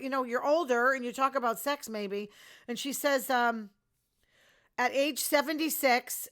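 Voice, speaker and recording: A woman's voice: a little high, fairly bright tone. Older woman, show host, casual news commentary, blunt, easily outraged. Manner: chatty, blunt, quick to outrage.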